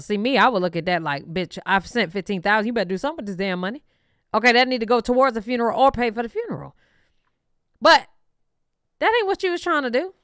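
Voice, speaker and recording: A woman with a smooth, clear voice gives blunt, casual gossip commentary, cussing freely and acting out quoted back-and-forths. The sound is dry and close. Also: on the high side, a bit bright, no echo. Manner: blunt, swears freely, tells stories with quoted dialogue. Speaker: co-host of a gossip reaction show.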